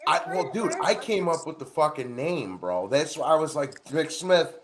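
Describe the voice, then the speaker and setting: A man on a livestream panel, joking around and laughing loudly in casual chat. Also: fairly high pitch, a little slow. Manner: joking, animated, loud laughs.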